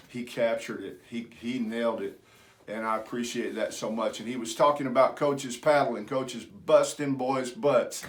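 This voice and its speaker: A middle-aged man, telling a personal story in a folksy, self-deprecating way. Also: fairly high pitch. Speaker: vlogger.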